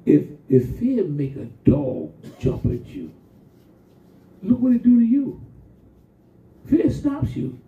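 A male preacher tells stories in an animated way and draws call-and-response from the congregation. His voice runs high and leaps all over its range. It comes from a distance in an echoey church, thin and phone-like. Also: slow pace, long pauses. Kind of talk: sermon.

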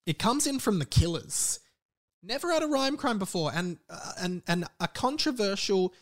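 An Australian man hosting a podcast, chatting casually in a rambling, wry way and often correcting himself mid-sentence. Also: a little high. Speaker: podcast host.

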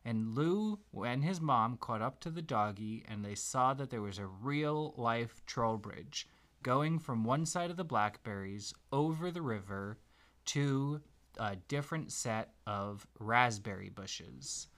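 Man, parent, improvised bedtime story, gentle, slow pace, mid pitch. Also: expressive. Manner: gentle, unhurried, makes the tale up as he goes.

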